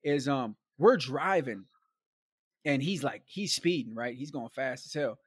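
This is a guest storyteller, a man of medium pitch with a breathy edge who talks a little slowly. The recording is dry and studio quality. He spins a lengthy, meandering yarn full of slang, lively asides and fillers like "like," "man" and "bro."

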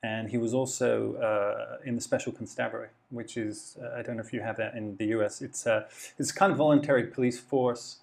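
A man's voice: medium pitch, steady tone, brisk, gravelly, few pauses, darkish tone. A man from Devon, England, talking as an interview guest in a thoughtful, rambling way with lots of fillers and restarts. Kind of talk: casual interview chat.

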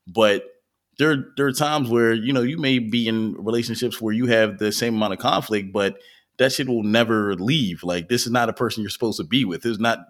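A man's voice: lowish voice, brisk. A man co-hosting a podcast, telling stories in a loose, profane, laughing way. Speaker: podcast co-host. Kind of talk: casual podcast chat.

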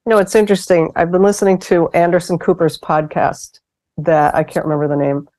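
A woman's voice: lowish voice, fairly even intonation, fairly quick, dark tone. Reflective, encouraging woman host. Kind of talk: casual conversational interview.

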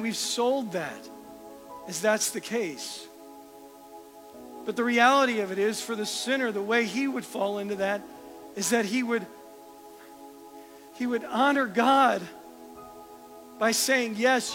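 A male preacher delivering an earnest sermon, firing rhetorical questions and sinking to a soft hush for emphasis. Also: very high voice, unhurried, long pauses, soft background music.

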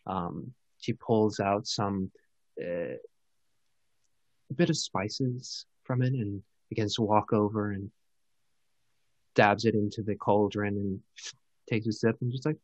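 A man's voice: lowish voice, slow pace, pauses often, dry recording. A man narrating a tabletop game as game master, describing scenes with many hesitations.

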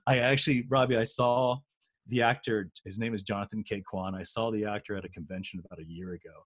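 A man co-hosting a podcast, telling animated anecdotes in a casual way with frequent restarts. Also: lowish voice, quick pace. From United States. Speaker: podcast co-host. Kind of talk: casual storytelling.

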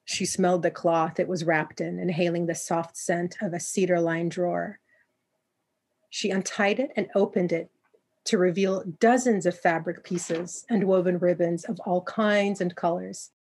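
A woman narrating a story in a calm, even reading voice. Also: on the low side, breathy edge.

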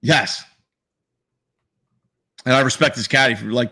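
A man's voice: mid-range voice, unhurried, bright, forceful tone, slightly rough. A man co-hosting a sports podcast, talking casually and animatedly, swearing freely. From New York area. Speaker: podcast co-host.

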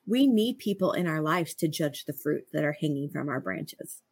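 A woman's voice: low voice, lively intonation, moderate pace, few pauses, darkish tone, slightly rough, no echo. A middle-aged woman co-hosting a podcast, talking earnestly in a reflective way with frequent restarts and stammers and easy laughter. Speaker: podcast co-host. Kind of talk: reflective conversational talk.

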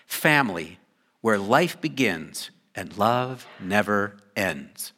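An older man, a pastor, giving a sermon in a conversational, lively way with joking asides. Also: fairly low pitch, slow.

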